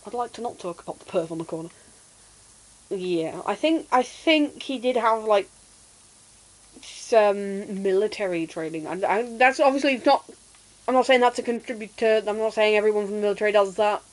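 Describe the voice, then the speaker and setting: A woman streamer chatting casually and telling an animated childhood story while gaming. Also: medium pitch, normal speed, low-quality recording.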